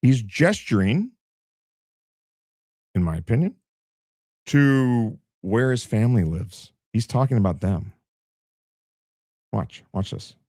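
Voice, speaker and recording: A man streaming late at night, mocking a clip with crude, animated commentary. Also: mid-range voice, slow, pauses often, no room sound, clean studio sound.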